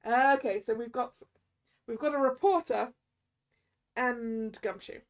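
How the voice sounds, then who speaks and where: A woman's voice: a little high, slow pace. A woman streamer casually commenting while playing a story game, thinking aloud. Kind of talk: let's-play commentary.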